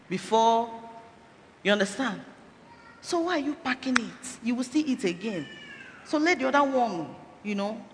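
A woman giving a health talk inside a sermon, urging her listeners and asking rhetorical questions. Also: fairly high pitch. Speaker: church speaker. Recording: echoey hall, faint background noise.

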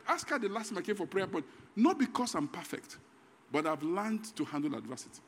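A middle-aged man with a Nigerian accent preaching a sermon in a church, dropping to quiet asides and then shouting out his points. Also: sits high, fairly quick. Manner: animated preaching, swings between quiet asides and shouted emphasis. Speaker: pastor. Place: church hall. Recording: long hall reverb in a church.

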